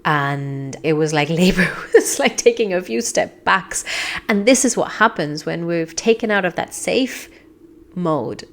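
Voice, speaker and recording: Low-voiced woman telling a personal story. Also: lively intonation, a little slow. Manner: earnest, reflective, drops into soft whispers when quoting her own thoughts. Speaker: podcast host telling her birth story.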